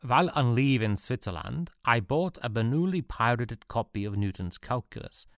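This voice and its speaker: A man voicing an eccentric male Prussian artillery officer who speaks in a brisk, deadpan way. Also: medium pitch, no room sound, clean studio sound, voice pushed up, close to an everyday voice. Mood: lecturing.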